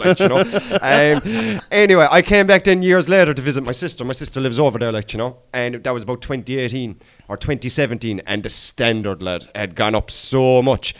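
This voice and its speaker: A man's voice: mid-range voice, expressive, a little fast, few pauses, fairly bright tone. A man, a podcast guest telling stories in casual chat, full of "lad" and "boy". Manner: storytelling, slangy, says 'lad' and 'boy'.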